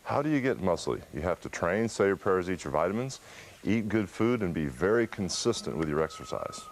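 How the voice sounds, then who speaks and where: A man with a deep, gravelly voice, a laid-back and jokey celebrity guest in a TV studio. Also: lively intonation, a little fast, slight background noise. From USA.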